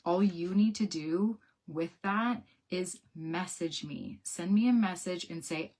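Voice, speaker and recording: A young woman talking casually to camera, answering viewer questions about a product in a chatty, upbeat way with quick laughs and repeated words. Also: lowish voice, a little mellow. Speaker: wellness product seller.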